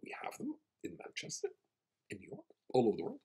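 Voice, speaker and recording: A man's voice: mid-range voice, wildly swooping pitch, fast, gravelly, mellow, husky. A male rabbi telling a personal anecdote in a wry, self-deprecating way. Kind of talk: storytelling talk.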